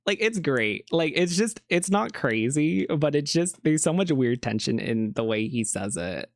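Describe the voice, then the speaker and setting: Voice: medium pitch, lively intonation, a little slow, no room sound. Podcast co-host, casual chat, giggly, playful quoting, dry close sound. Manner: giggly, quotes lines with playful emphasis.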